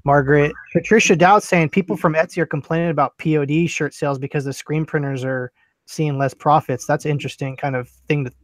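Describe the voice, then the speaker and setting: A man's voice: fairly high pitch, fairly even intonation, quick pace, no room sound. A man co-hosting a casual chat, making wry, dry jokes. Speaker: podcast co-host.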